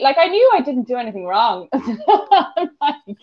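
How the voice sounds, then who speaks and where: Her voice runs on the high side with big pitch swings, and she speaks fairly quickly. She's an Irish-accented podcast co-host, a giggly storyteller chatting casually. The recording sounds dull and lo-fi.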